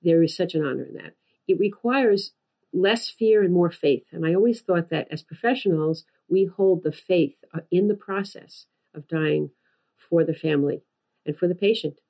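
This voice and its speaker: A woman co-hosting a podcast, a former hospice worker, speaking calmly and reflectively with pauses. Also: lowish voice. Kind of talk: casual conversation.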